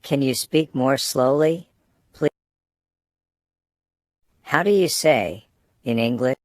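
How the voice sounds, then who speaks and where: A man's voice: mid-range voice, slow pace, no echo. Man reading student phrases, dry and close. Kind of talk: scripted phrase reading for learners.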